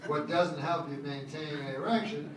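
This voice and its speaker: A man in his fifties doing a stand-up set with a deadpan, rambling, hesitant delivery. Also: fairly high pitch, normal speed, heavy background noise. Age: 50s. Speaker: stand-up comedian. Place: large casino showroom, on stage before a laughing audience. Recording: echoey live audience recording from far off.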